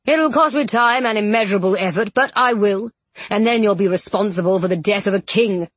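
A smug, silky older nobleman who threatens with easy condescension, as a woman narrator puts him on. The voice is slightly breathy and recorded dry, with no room around it. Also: medium pitch, brisk, dry recording, natural voice. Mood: menacing. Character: scheming aristocratic male villain, older, smug.

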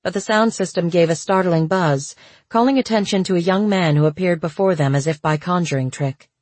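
An audiobook narrator reading a novel in a steady, measured way. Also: mid-range voice, no echo. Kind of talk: scripted narration.

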